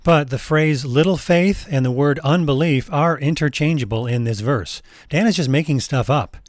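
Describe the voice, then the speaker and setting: A man giving measured, skeptical commentary in a voice-over. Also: a little high, darkish tone, no room sound, studio quality.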